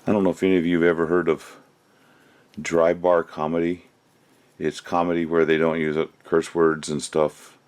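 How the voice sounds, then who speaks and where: Guy with a really low voice rambling while he pours resin at home. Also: little pitch movement, normal speed, darkish tone, smooth. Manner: rambling, chatty, thinks aloud while working. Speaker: resin crafter. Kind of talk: casual crafting commentary.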